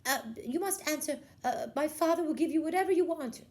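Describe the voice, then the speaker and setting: A woman voicing an arrogant, spoiled young princess who is shrill and demanding. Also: brisk, darkish tone, lightly acted. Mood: haughty.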